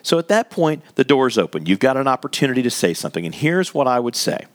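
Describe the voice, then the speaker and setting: A man's voice: mid-range voice, very animated, fast talker. A man giving an instructional talk on workplace conversations, speaking conversationally and acting out scenarios. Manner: conversational, explains with acted scenarios, laughs lightly. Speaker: workplace communication trainer.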